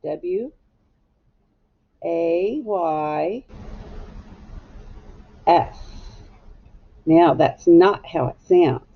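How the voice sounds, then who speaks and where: A woman teacher giving a slow, patient phonics lesson to young children, spelling words out letter by letter. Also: lowish voice. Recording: dull lo-fi home video sound.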